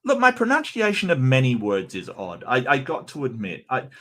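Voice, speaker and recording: An Australian man talks casually to his stream audience at a middle pitch. He jokes with the chat and keeps stumbling into restarts and repeated words. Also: wildly swooping pitch, moderate pace, sharp tone. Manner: chatty, stammering restarts, joking with chat. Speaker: streamer host.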